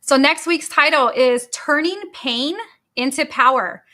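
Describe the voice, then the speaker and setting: Female podcast host, solo motivational talk; bright, forceful voice, fairly high, emphatic and repetitive. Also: unhurried, slight background noise. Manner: energetic, emphatic, repeats key phrases.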